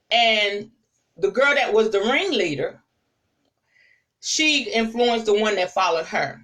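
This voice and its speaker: A woman apostle telling stories in a sermon, lively and conversational, speaking straight to her listeners. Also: fairly high pitch, distant mic, rough recording. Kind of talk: storytelling sermon to a live audience.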